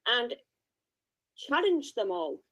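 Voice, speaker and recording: A woman's voice: a little high, very animated, takes it slowly, a bit bright, poor audio. Blunt woman hosting a livestream. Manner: blunt, confrontational, swearing. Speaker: livestream host. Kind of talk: casual livestream commentary.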